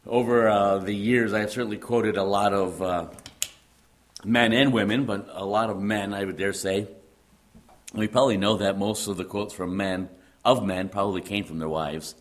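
A pastor with a Midwestern accent preaches in a very low, deep male voice. He talks in a relaxed, conversational way, pausing on fillers and restarting phrases. Touches of gentle humor run through his sermon. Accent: Midwestern American.

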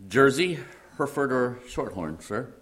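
A formal butler asks his questions with measured, deferential politeness, as a man puts him on. He speaks in a Midwestern accent, a little higher than an ordinary low male voice, with no attempt at British speech. The manner is stiff and courteous. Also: lively intonation, fairly bright tone. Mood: politely formal. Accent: Midwestern American.

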